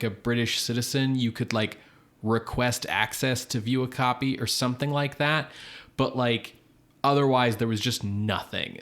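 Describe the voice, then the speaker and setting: A man's voice: medium pitch, a bit bright. A man co-hosting a podcast in casual chat, explaining things in a rambling, hesitant way. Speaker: podcast co-host.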